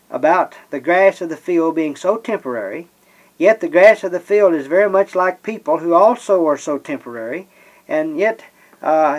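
A man's voice: on the high side, rough recording. Man preaching verse by verse. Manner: slows and stresses scripture readings, many "uh" pauses. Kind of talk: expository Bible sermon.

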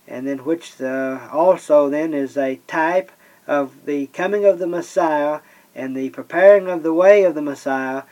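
A man preaching a Bible-teaching sermon. He slows down and leans on the scripture he reads, and pauses often with "uh". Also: fairly high pitch, a little mellow, muffled recording. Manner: slows and stresses scripture readings, many "uh" pauses.

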